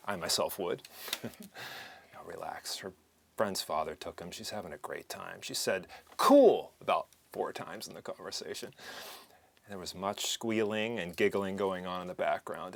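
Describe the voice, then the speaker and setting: A man's voice: low voice, gravelly. An actor playing a wry, flirtatious man who teases in an easygoing way, in a stage scene. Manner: teasing, wry.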